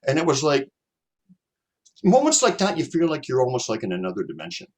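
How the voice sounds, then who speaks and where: A man's voice: medium pitch, wildly swooping pitch, fairly quick, a little mellow. A Canadian man hosting a casual chat, telling a personal story in a rambling way, with repeated words and many fillers.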